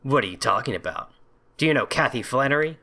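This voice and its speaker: A man's voice: mid-range voice, lively intonation, quick pace, vocal fry, pushed and bright. A young man casually commenting on a video game, reading its text aloud, joking sarcastically and swearing often. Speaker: video game let's play host.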